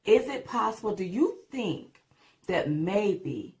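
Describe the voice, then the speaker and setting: A woman's voice: mid-range voice, very animated, takes it slowly, a little mellow. A woman co-hosting a political commentary show, talking emphatically, repeating words and asking rhetorical questions. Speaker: co-host.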